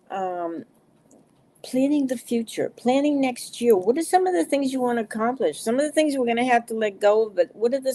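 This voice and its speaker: Mellow-voiced woman giving card readings. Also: fairly high pitch. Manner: soothing, reassuring, with fillers. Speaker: card reader. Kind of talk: live card reading for viewers.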